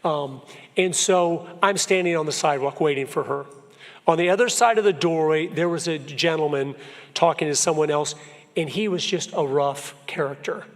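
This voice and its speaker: A man's voice: on the high side, moderate pace. Earnest man speaking in a reverberant church. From Florida. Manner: earnest storyteller, emphatic, shifts pace a lot. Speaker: guest speaker. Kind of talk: church talk with personal stories. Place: church sanctuary. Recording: long hall reverb.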